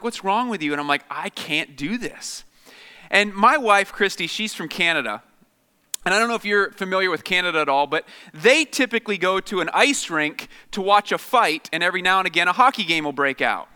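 Bright, chatty man in a reverberant hall. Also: high voice, smooth. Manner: chatty, self-deprecating, many fillers. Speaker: guest speaker. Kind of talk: humorous personal storytelling to an audience. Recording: long reverb of a large hall.

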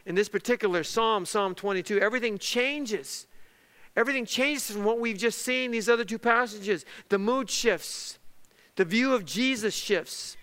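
A man's voice: sits high, moderate pace, a bit bright, clear, resonant tone, long reverb tail. A man preaching a sermon, teaching emphatically as he spells out and repeats key words for his listeners.

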